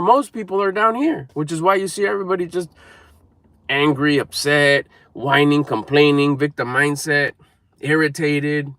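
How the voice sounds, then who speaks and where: A man's voice: on the high side, a bit bright, dry recording. A man giving an emphatic, repetitive motivational talk to camera, coaching viewers. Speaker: motivational speaker.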